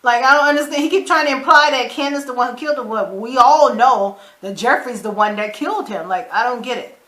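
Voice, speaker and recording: A woman recaps a drama episode as if gossiping with a friend, quoting the characters and reacting to them. Her voice sits a little high. The room around her is echoey. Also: brisk. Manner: animated retelling, acting out characters' lines with side comments and laughs. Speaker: show recap vlogger.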